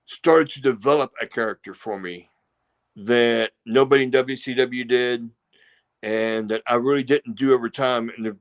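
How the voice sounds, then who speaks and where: A middle-aged man, a former wrestler, telling rambling stories in a casual interview and acting out quotes and sound effects. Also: medium pitch. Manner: rambling, acts out quotes and crowd noises.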